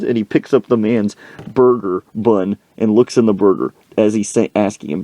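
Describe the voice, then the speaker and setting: A male podcast host telling a comic story from his own life in an animated, slangy way. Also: fairly low pitch, fairly quick, no echo.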